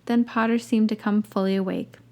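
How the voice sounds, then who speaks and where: A woman's voice: mid-range voice, steady tone, fairly quick, warm tone. A woman hosting a podcast, reading a story aloud and breaking off for wry, dry asides. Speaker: podcast host reading fan fiction.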